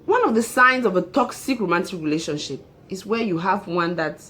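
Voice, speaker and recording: A woman's voice: on the low side, animated, a little fast, pushed and bright. A woman hosting her own show, giving relationship advice in an emphatic monologue and repeating her key phrases.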